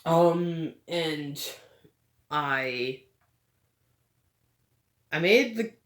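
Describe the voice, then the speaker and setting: Halting, rambling woman in an echoey room. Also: lively intonation. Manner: rambling, hesitant, stutters; low-energy, halfhearted. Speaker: gaming vlogger. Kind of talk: casual gameplay commentary.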